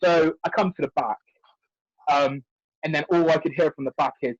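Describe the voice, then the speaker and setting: Male wrestler, animated anecdote teller, dry close lo-fi recording. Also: fairly high pitch, moderate pace, long pauses, no room sound. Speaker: wrestler guest. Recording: dry, dull lo-fi audio.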